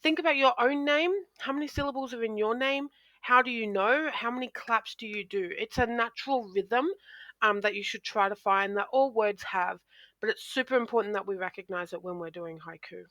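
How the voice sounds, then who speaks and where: A woman's voice: fairly high pitch, fairly quick, bright, forceful tone, no echo. A woman teacher explaining poetry in a recorded lesson, talking into a close microphone with frequent ums and restarts.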